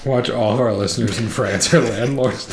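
A man's voice: mid-range voice, normal speed, crowd noise. Man, podcast co-host, casual chat, dry humor, echoey room. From United States. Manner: dry joking, short backchannels.

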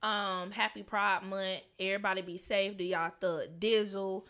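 A woman co-hosting a podcast, telling funny stories in an animated, profane way with lots of laughter. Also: medium pitch, moderate pace. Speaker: podcast co-host. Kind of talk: casual podcast storytelling.

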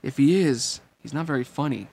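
Man reading as Donald, a peeved shouting duck. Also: mid-range voice, a little fast, creaky, natural voice. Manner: shouting, peevish. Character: excitable male cartoon duck wizard. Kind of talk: amateur audiobook reading.

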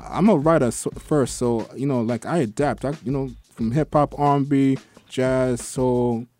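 A man's voice: mid-range voice, fairly even intonation, normal speed, dark tone. A man, a guest songwriter on a radio show, talking in a laid-back, joking way full of slang. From New York. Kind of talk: casual radio interview chat. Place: radio studio.

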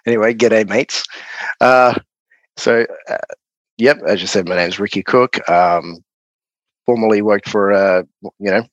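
Australian man, relaxed and explanatory. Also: lowish voice, unhurried, pauses often, no room sound, lo-fi sound. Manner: relaxed, explanatory, with many fillers. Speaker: guest, broadcast technology architect. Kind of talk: casual interview chat.

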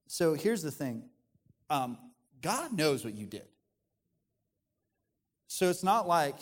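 A man's voice: a little high, sing-song, slow pace, long pauses, in a large hall. A man, a pastor, preaching a conversational sermon in an earnest tone, often restarting his sentences.

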